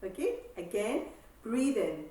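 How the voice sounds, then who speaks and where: A woman exercise instructor calmly guiding a seated breathing class, with slow breath cues and counting. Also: on the high side. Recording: echoey room, voice from far off.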